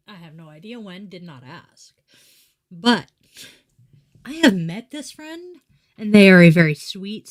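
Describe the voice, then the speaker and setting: A middle-aged woman live-streaming a daily tarot reading from home, chatty and meandering, with asides to her pets. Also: mid-range voice. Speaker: tarot reader and yoga teacher.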